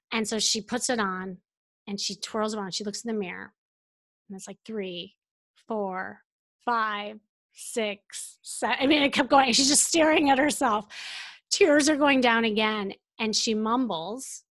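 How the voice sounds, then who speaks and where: A woman dating coach and therapist telling a client story in an interview, animated and full of fillers. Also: a little high, normal speed, no echo.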